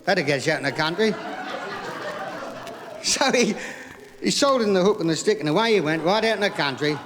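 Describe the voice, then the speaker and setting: A man doing stand-up comedy, telling joke after joke in a brisk patter full of "he said", recorded live on stage. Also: sits high, expressive, crowd noise. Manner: rapid gag patter with repeated "he said". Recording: live vinyl recording in a hall with audience laughter.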